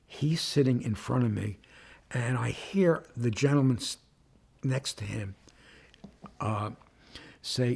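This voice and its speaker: Brief: older man in his seventies, gravelly, a rambling storyteller who does the voices of the people he quotes. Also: mid-range voice, darkish tone. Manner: chatty, restarts often, acts out quoted people. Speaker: documentary subject. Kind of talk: candid interview storytelling.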